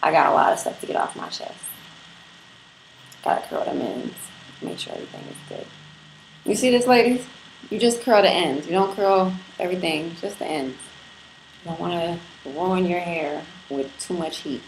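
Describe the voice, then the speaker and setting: A lower-pitched woman chats casually to her livestream viewers, brash, playful and profane. Her voice carries in an echoey room with faint background noise. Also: lively intonation, moderate pace, vocal fry, long pauses. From Brooklyn. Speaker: livestream host. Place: apartment room in Brooklyn.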